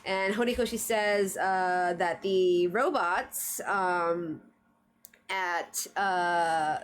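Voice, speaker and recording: A woman's voice: fairly low pitch, drawn-out words. A woman streamer chatting casually on a livestream, full of fillers and frequent laughs. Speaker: streamer reviewing anime trivia.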